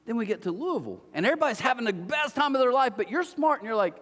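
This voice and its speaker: Speaking rapid-fire in a very high voice, a pastor preaches a sermon in a large church hall. He tells energetic stories and acts out the voices of the people in them, and the hall's reverb is audible on the recording.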